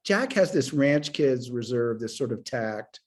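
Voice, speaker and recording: A man's voice: medium pitch, a little slow. Middle-aged guy author, chatty, acts out his characters' lines as he talks. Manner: animated storyteller who acts out dialogue. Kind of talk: conversational author interview.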